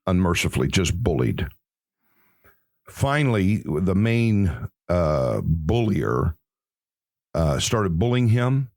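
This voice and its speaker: Male podcast host, lower voice, slow and earnest, preacher cadence, dry close sound. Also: creaky, a little mellow, no room sound. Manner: earnest, preacherly, with drawn-out words. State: emotional. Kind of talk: inspirational Christian podcast talk.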